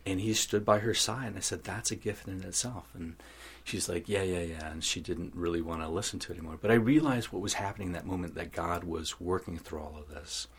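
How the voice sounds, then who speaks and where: Deep husky man telling his story. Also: a little fast. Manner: earnest storytelling, acts out quoted dialogue. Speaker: interview guest. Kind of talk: telling a personal faith story.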